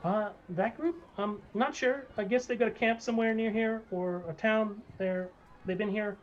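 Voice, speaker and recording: A game master narrating a live-streamed tabletop game, hesitant with lots of pauses and restarts. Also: medium pitch, highs cut off, a little hiss or hum. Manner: hesitant, many ums and restarts.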